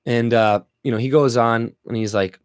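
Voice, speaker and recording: A man's voice: mid-range voice, steady tone, normal speed, clean tone, no echo, studio quality. A man ranting on a livestream, blunt and profane, stumbling through restarts and fillers. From Canada. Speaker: livestream commentator.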